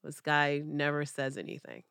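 A woman co-hosting a podcast tells a dating story in a loose, casual way, acting out the quotes with big swings in her voice. Her voice sits a little low. The recording is dry and close. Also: moderate pace, creaky, clean tone, no echo. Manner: animated, acts out quotes with big pitch jumps. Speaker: podcast co-host.

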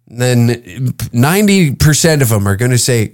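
A man's voice: medium pitch, expressive, moderate pace, darkish tone. A man from Canada hosting a podcast, riffing in a crude, rambling comedic monologue and putting on voices for the people he quotes. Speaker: podcast host.

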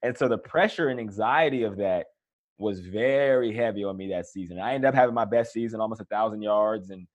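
A man's voice: on the low side, brisk, lo-fi sound. A man, a former pro football player, casually telling his career story in an interview, acting out the voices he quotes. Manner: relaxed, animated retelling with quoted voices. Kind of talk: conversational storytelling.

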